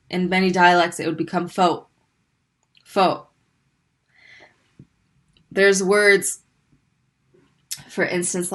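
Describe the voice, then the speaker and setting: A woman's voice: medium pitch, fairly bright tone. A woman teaching a recorded Arabic lesson, patiently repeating sounds for learners to practice.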